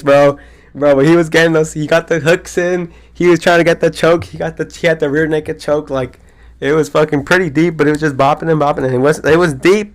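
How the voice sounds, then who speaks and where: A man around twenty hosting his own podcast, chatting casually in an excitable, rambling way full of slang and swearing. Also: on the high side. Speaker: podcast host. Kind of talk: casual solo podcast chat.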